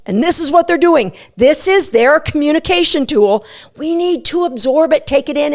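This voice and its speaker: High, gravelly woman coaching dog trainers. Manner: animated, emphatic, playful. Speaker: dog agility trainer and podcast host. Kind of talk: instructional podcast talk.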